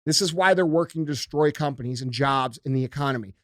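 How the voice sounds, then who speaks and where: A man's voice: medium pitch, fast talker, dry recording, clean studio sound. A man hosting a podcast, ranting emphatically and heatedly with heavy profanity. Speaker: podcast host. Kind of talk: casual podcast rant.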